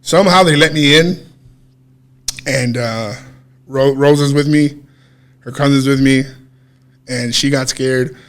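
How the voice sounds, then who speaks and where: A man co-hosting a podcast, casually telling a story in an animated way, swearing freely and acting out what people said. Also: medium pitch, unhurried, pauses often. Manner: animated, swears freely, acts out quoted dialogue. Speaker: podcast co-host.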